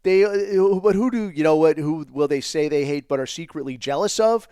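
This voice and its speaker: A man with a slightly high, smooth, clear voice rants alone as a podcast host. He rambles, swears freely and mocks people in put-on quotes. The sound is dry and close, with no room echo. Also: normal speed, mellow. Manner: profane, rambling, blunt. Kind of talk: solo profane rant.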